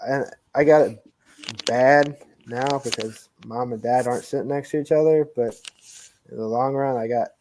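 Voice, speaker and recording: Mellow-voiced man, reflective podcast guest. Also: mid-range voice, low-quality recording. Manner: reflective, rambling with many fillers. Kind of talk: casual podcast chat.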